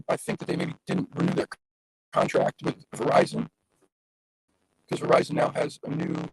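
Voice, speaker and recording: A man with a raspy voice hosting a casual livestream, chatting loosely and directly to his viewers over a phone. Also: extremely low pitch, no room sound, low-quality recording. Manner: rambling, chatty, talks straight to viewers. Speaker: livestream host.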